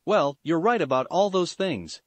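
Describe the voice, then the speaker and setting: A man voicing a proud, sharp-tongued teenage princess in a fan-fiction story reading. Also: fairly high pitch, lively intonation, normal speed, no room sound. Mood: haughty.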